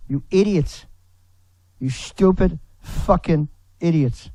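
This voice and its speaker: A man delivering a furious, profanity-laden rant to camera, breaking into shouts. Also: a little high, normal speed, pauses often, dry recording, low-quality recording. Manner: furious, swearing, shouting in bursts.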